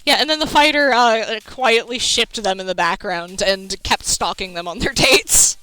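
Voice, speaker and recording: A woman's voice: medium pitch, normal speed, pushed and bright, soft background music, low-quality recording. A woman streamer chatting casually while gaming, telling rambling stories with laughter and swearing.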